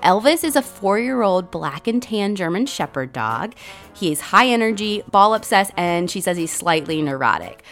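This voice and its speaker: A woman's voice: mid-range voice, normal speed, soft background music. A woman co-hosting a podcast in casual chat, telling a story with lots of fillers and quoted lines. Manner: animated storytelling, quoting others, many fillers. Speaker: podcast co-host.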